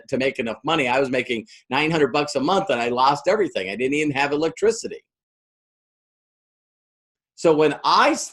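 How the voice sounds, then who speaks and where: A man's voice: mid-range voice, a bit bright. A middle-aged man giving a motivational business training talk, telling stories and acting out the quoted voices. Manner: storytelling, acts out quoted voices.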